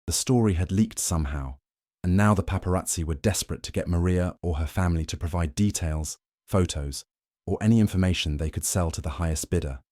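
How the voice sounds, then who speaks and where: Deep low male storyteller, dry close sound, measured. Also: mellow, dry recording. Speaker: narrator. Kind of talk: scripted narration.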